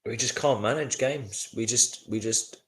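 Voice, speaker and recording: A man's voice: mid-range voice, unhurried, fairly bright tone. A man hosting a casual live match watchalong, tired and frustrated, chatting with viewers. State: sleepy, yawning. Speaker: watchalong host.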